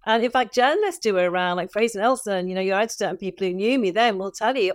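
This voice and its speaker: A middle-aged woman with a softened Liverpool accent, a former cabinet minister chatting candidly and animatedly as an interview guest. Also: medium pitch, lively intonation, quick pace, dry recording, clean studio sound. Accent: mild Liverpool, softened toward southern English. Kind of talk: casual conversational interview.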